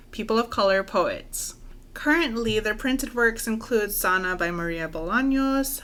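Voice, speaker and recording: Bright-voiced woman co-host. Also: mid-range voice, slight background noise. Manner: attentive listener with frequent soft affirmations. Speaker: podcast co-host. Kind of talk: casual chat and read recommendation.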